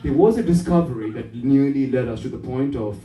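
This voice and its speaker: At a café comedy night, an Indian man runs through a standup set, playful and often laughing at his own jokes. His mellow, medium-pitched voice moves a little fast. The club sounds roomy, with the mic set at a distance.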